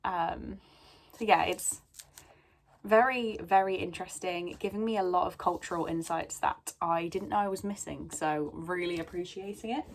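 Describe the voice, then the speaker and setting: A young woman vlogs casually about her reading in a low-ish voice with a little hiss or hum in the background. She's chatty and rambling, full of ums, and a bit sneezy.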